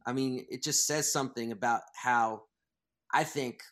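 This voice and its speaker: A man in a conversational interview, explaining his views at length with emphatic, animated delivery. His voice sits in a middle register, and he often stops and restarts a thought as he builds toward his point. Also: mid-range voice, normal speed. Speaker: author and guest.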